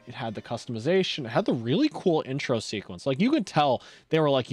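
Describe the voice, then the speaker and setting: A male streamer chatting casually while playing a game, rambling and lively. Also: medium pitch, quick pace, hardly any pauses, no echo, soft background music. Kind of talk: casual gameplay chat.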